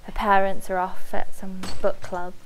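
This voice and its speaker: A young woman telling a creepy story in a casual, halting, giggly way while a game plays. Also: mid-range voice, completely flat delivery, slight background noise, low-quality recording. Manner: giggly, halting, lots of ums and likes. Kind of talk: casual storytelling over gameplay.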